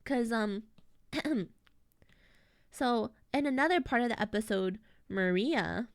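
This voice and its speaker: A woman's voice: on the high side, lively intonation, takes it slowly, smooth, no room sound. A young woman streaming, casually recapping a story in a rambling, slangy way full of fillers and restarts. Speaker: VTuber streamer.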